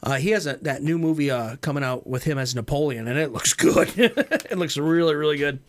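A man's voice: fairly high pitch, lively intonation, a little fast. A man hosting a casual radio talk show, rambling and laughing often as he tells stories. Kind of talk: casual chat.

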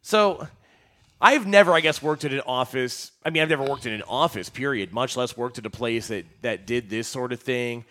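A man's voice: medium pitch, moderate pace, a bit bright. Man, radio co-host, casual banter, blunt joking rants.

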